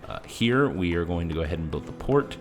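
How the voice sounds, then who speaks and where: A man with a very low voice talks casually through his strategy game. He explains his choices as he goes, filling pauses with "uh". Game music plays clearly behind him. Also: sing-song. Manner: chatty, explains as he plays, many "uh" fillers. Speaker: gaming channel host.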